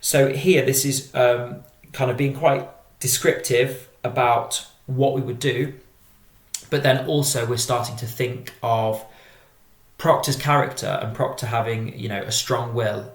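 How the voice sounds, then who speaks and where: A man giving a methodical, measured drama exam-prep lesson as a teacher. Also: mid-range voice, reverberant.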